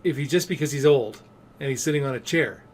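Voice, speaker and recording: A man's voice: medium pitch, a little fast, slight background noise, close to an everyday voice. A man voicing a puzzled visitor in a joke he tells on his vlog, questioning his friend in disbelief. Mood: incredulous. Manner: incredulous, questioning.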